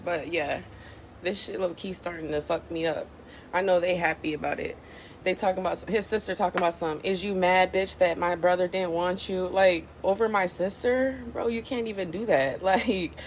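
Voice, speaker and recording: A woman's voice: medium pitch, slight background noise. A young woman venting tearfully to her phone at home, blunt, profane and rambling. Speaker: social media vlogger. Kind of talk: emotional venting vlog. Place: at home early morning.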